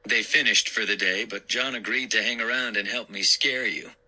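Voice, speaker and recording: A man's voice: on the low side, normal speed, bright, forceful tone, rough recording. A man voicing an uncle who loves telling corny jokes in a spooky storybook reading. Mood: joking. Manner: playful, joking. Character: jokey uncle, adult man, fond of dumb jokes.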